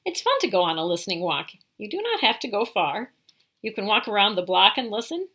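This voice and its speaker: A woman reads a picture book aloud to young children in a storytime session. Her voice swoops high and low, clear and bright, as she pauses to ask questions and mimic animal noises. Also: very animated. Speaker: storytime host.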